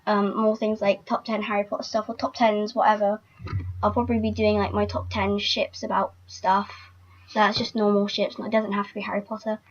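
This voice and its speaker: A woman's voice: medium pitch, little pitch movement, brisk. A young woman vlogging casually, chatty and emotional, with lots of filler words. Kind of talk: casual fan vlog. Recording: dull lo-fi recording.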